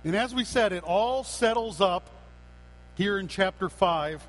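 Male pastor, high voice, preaching a sermon in an earnest, unhurried way, with fillers and restarts. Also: fairly bright tone, low-quality recording.

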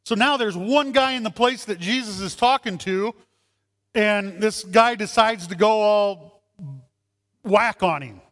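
A man preaching a sermon as a pastor, animated, acting out voices in his stories. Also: high-pitched, unhurried. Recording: long hall reverb.

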